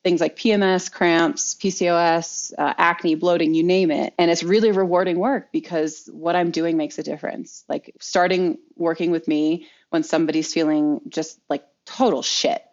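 A woman's voice: lowish voice, steady tone, moderate pace, hardly any pauses, darkish tone. A woman in her thirties, a holistic nutritionist guest, talking casually and telling her story with many "like" fillers. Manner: chatty, frequent "like" fillers. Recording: dull lo-fi audio.

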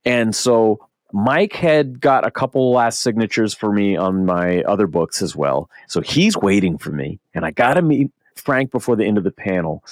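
A young man co-hosting a podcast, telling a story in casual chat, animated and swearing a lot as he acts out what people said. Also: fairly low pitch, no room sound. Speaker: podcast co-host.

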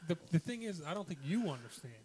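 A teasing man reasons with a friend in a highish voice that moves around a lot. He sounds calmer than the others while still needling his friend. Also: fast talker. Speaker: podcast co-host. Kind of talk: casual sports banter.

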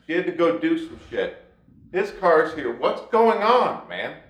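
Man, podcast guest, teasing, cursing, animated voice. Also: a little high, a little slow, roomy sound, lo-fi sound. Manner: blunt, teasing and profane. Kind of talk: casual chat.

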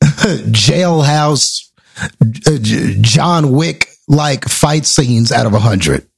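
A man giving a movie score in a casual review, halting and stumbling over his words. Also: medium pitch, lively intonation, vocal fry, breathy edge.

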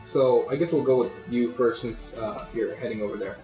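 A man's voice: medium pitch, normal speed, dark tone, faint music behind. A man running a tabletop game as game master, narrating casually with plenty of uhs and likes. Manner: casual, filler-heavy narration with many "uh" and "like". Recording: roomy recording.

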